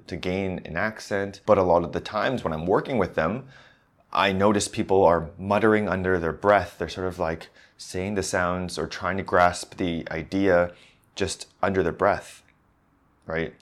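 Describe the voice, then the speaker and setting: A man who works as an accent coach, talking through pronunciation practice in a conversational way, often restarting and asking "right?". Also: deep voice. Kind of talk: casual instructional talk.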